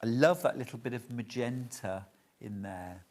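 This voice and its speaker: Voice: medium pitch, moderate pace, darkish tone. A shopping channel presenter, chatting and gushing over fabrics during a live TV sale.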